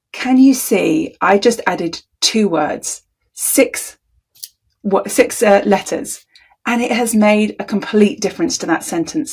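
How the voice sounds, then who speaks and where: A woman communication coach speaking to camera, deliberate and emphatic, sometimes demonstrating tones of voice aloud. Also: mid-range voice, darkish tone, husky. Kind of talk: talking-head coaching video.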